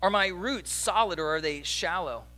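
A young adult male pastor delivers a sermon in a loose, conversational way, telling stories and tossing questions to the congregation. His voice sits high for a man and sounds bright and forward. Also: normal speed. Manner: conversational, animated storytelling with audience asides.

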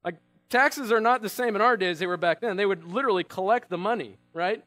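A man's voice: high-pitched, quick pace, sharp tone. A man preaching a sermon in a conversational way, asking the congregation rhetorical questions. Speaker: pastor.

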